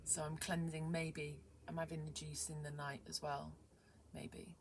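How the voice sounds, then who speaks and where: Young adult woman, low-ish voice, casual vlogger who rambles with lots of fillers and sudden whispers. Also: unhurried, a little hiss or hum. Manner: excitable, rambling, many fillers, drops to whispers. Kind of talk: casual vlog chat.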